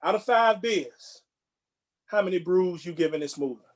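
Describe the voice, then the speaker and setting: A man with a slightly raised pitch chats loosely as a podcast co-host. He rambles, doubling back on words and restarting sentences in an easygoing way. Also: animated, moderate pace. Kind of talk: casual chat.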